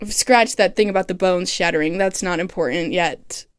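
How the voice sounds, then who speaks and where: Her voice lowish, clear and resonant, a woman vlogs a casual recap of a TV series. Sarcastic and lively, she doesn't hold back on swearing and slips in quick impressions of the characters.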